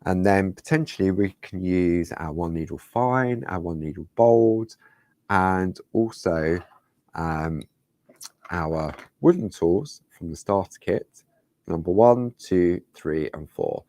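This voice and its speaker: A man's voice: sits low, slow, a little mellow, dry recording. A man hosting a casual craft demonstration, chatty and rambling, often turning to viewers with rhetorical questions. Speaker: craft show host.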